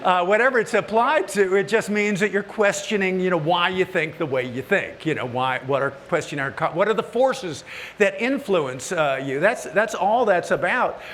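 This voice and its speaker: A man, a woodworking TV host, telling folksy, joking stories to a live audience, his voice climbing high when he gets worked up. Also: lively intonation, normal speed, a bit bright. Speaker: woodworking TV host giving a stage talk. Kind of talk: humorous storytelling to a live audience. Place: large hall at a woodworking event. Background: audience laughter.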